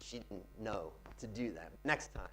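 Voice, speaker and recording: A man giving a live workshop talk on pitching to an audience in a seminar room, varying his loudness and pace for effect. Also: unhurried, a little hiss or hum.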